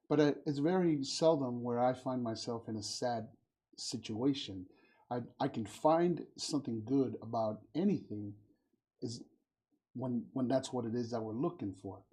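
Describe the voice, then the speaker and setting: A middle-aged man with a medium-pitched, slightly breathy voice hosts a podcast in the style of a casual talk show. He tells stories warmly in casual conversation, acting out the voices of the people he quotes.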